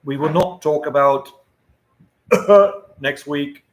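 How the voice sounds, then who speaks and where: A man's voice: fairly high pitch, takes it slowly. An older man hosting a casual livestream, chatting to viewers in a rambling way and chuckling often. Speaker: livestream host. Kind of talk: casual live-stream chat.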